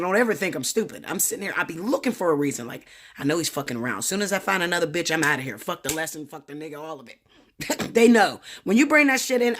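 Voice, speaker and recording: A woman giving a casual tarot reading, talking bluntly and profanely with animated storytelling. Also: lowish voice. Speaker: tarot reader.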